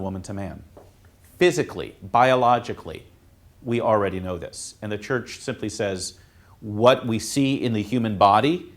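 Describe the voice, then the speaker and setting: Lowish-voiced priest teaching a class. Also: male voice. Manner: halting, with many fillers and restarts. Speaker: Catholic priest teaching students. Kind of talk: informal classroom talk.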